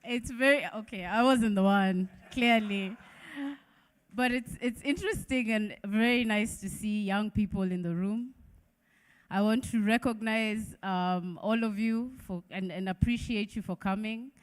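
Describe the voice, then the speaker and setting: A woman's voice: mid-range voice, unhurried. Chatty middle-aged Ugandan woman presenting. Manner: warm, chatty, asks the audience questions. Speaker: keynote speaker. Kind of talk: launch presentation speech. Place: event hall with an audience.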